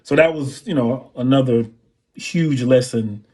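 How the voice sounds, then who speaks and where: A man, a drummer and guest on an interview show, telling anecdotes in a relaxed way and scatting drum patterns. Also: mid-range voice, measured pace, slightly rough. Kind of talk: interview storytelling.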